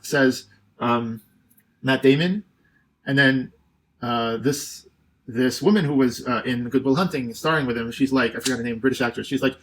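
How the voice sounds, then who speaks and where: A man's voice: mid-range voice, normal speed, fairly bright tone. A man talking through his commentary in a loose, rambling way, full of fillers and restarts. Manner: rambling, hesitant, with many fillers. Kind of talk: casual commentary monologue.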